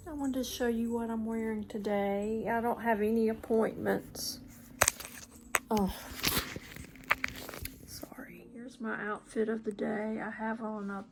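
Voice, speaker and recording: A woman's voice: on the high side, noisy background. A woman chatting casually to camera at home, rambling, trailing off and slipping into whispered asides. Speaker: vlogger. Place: at home in front of a mirror.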